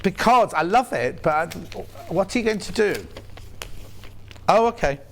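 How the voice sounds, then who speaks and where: A man's voice: sits high, very animated, measured pace, slight background noise. A man with a Yorkshire accent presenting live on a shopping channel, chatty and playful with jokey asides.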